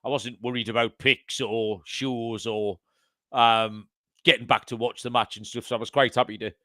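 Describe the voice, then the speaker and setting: A man's voice: medium pitch, little pitch movement, normal speed, a bit bright, no room sound, studio quality. A man hosting a podcast, chatting casually and amusing himself with his own banter. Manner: chatty, self-amused banter. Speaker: podcast host.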